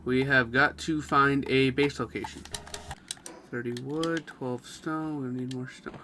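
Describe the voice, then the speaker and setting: A young man who is a gaming video creator, giving excitable gameplay commentary and voice-over narration with loud outbursts and swearing. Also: mid-range voice, measured pace, soft background music.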